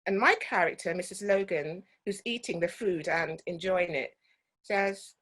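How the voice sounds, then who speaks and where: A woman's voice: fairly low pitch, unhurried, a bit bright. Woman telling stories in a talk. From Guyana. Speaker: actor giving a talk. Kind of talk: personal storytelling talk.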